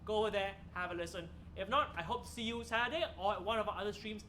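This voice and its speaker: A young man doing a solo stand-up livestream, with a high, bright voice over a faint hum of room sound. He tells stories in a jokey way, laughs at his own punchlines, and talks straight to his online viewers from a comedy club. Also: fast. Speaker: stand-up comedian and show host. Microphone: streaming camera mic.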